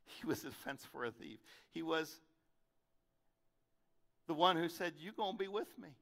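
Bright-voiced pastor preaching with drama. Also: male voice, lively intonation, moderate pace, creaky. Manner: dramatic, swings from loud questions to soft low delivery. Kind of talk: sermon.

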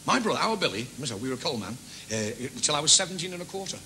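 Liverpool comic with a high lively voice. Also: male voice. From England. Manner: quick gag delivery with sudden shouted character voices. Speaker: stand-up comedian. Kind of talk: stand-up comedy routine. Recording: noisy stage recording with laughter.

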